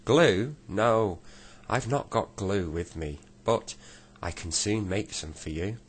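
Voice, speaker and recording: A man voicing a jolly, half-deaf old pedlar who shouts with glee, his voice raised well above his own. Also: lowish voice, takes it slowly, slightly rough, pitched above the performer's own voice. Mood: eager.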